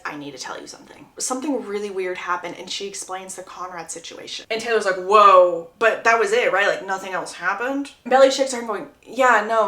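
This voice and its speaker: A woman's voice: fairly high pitch, fairly bright tone, roomy sound. A woman casually retelling a book's plot, chatty and acting out the quotes. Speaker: book summary creator.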